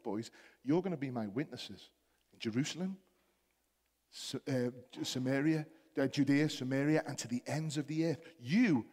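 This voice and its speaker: A man's voice: mid-range voice, darkish tone, breathy edge, big-room sound. A man with a Liverpool accent preaching a sermon to his church, building to emphatic, passionate exhortation. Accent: Liverpool (Scouse). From Liverpool, England. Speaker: pastor. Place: church hall.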